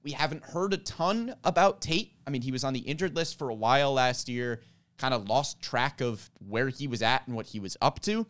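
A man co-hosting a sports podcast, speaking at a middle pitch with a smooth, resonant tone. He moves easily from banter into a methodical, list-like breakdown. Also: moderate pace, a bit bright. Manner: jokey, then lays out a list analytically. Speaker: podcast co-host. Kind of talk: casual sports podcast chat. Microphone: handheld mic.

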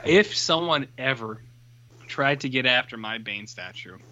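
A man's voice: mid-range voice, measured pace, muffled recording. A man co-hosting a casual film podcast, telling stories with laughs and swearing. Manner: animated storyteller, swears, laughs. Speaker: podcast co-host. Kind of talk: casual film review chat.

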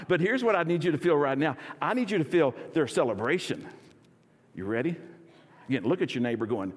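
Energetic pastor in a reverberant church. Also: male voice, fairly high pitch, brisk, slight background noise. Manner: energetic, leads congregation in call and response. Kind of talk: sermon. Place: church sanctuary.

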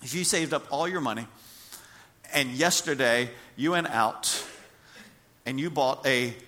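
Animated preaching man, bright voice. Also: medium pitch, unhurried. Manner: animated preaching, acts out scenarios, repeats words for emphasis. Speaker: pastor. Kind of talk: sermon. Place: church.

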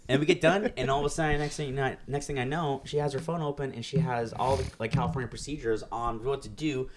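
A man's voice: mid-range voice, fast, few pauses. A young man co-hosting a podcast, telling stories with lots of acted-out quotes and casual swearing. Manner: animated storyteller, acts out quotes in raised voices, swears freely. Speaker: podcast co-host. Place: California.

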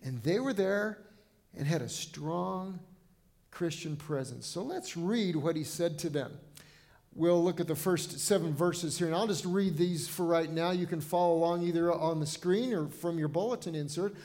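A man's voice: fairly high pitch, normal speed, darkish tone. Earnest man preaching a conversational sermon. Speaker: pastor.

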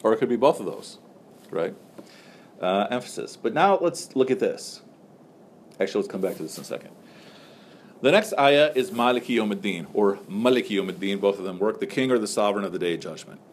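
Speaking fairly quickly but pausing often, a lower-voiced instructor jokes with the room and poses questions to students, his loose delivery full of "so" and "like." A faint hiss runs underneath.

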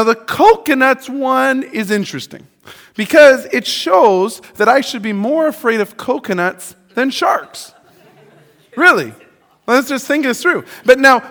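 Young male pastor, high voice, chatty and jokey, hall reverb. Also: fairly bright tone. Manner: chatty, jokey, acts out quotes. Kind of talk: casual sermon. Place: church hall.

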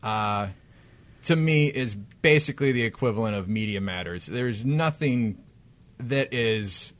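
A man's voice: mid-range voice, expressive, unhurried. Profane, rambling podcast man. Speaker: podcast co-host. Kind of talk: casual chat.

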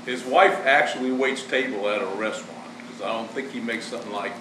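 A man's voice: mid-range voice, a little fast, roomy sound, far from the mic, background noise. A man from Maine on a podcast, chatting casually in a wry, joking way. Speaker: podcast co-host. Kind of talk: casual chat.

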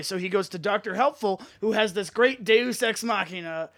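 A man's voice: sits high, moderate pace, a bit bright, no room sound. A man co-hosting a podcast, recapping a show in goofy, slangy casual chat. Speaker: podcast co-host.

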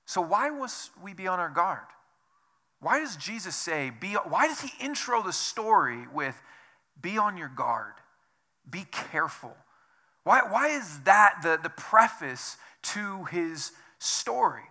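A male pastor preaching with a very bright, forceful voice pitched a little high. He is earnest, repeats his phrases and keeps asking the room questions. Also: big pitch swings, takes it slowly. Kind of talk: sermon.

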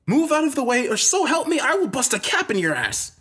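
A man's voice: high voice, wildly swooping pitch, normal speed, voice pushed up. A man playing a desperate, furious father, speaking urgently and in bursts of anger. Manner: shouting, urgent.

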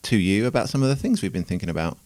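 Deep-voiced, fast-talking man. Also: big pitch swings, a little mellow. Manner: fast, rambling and self-mocking. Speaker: podcast host, academic scientist. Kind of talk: casual chat.

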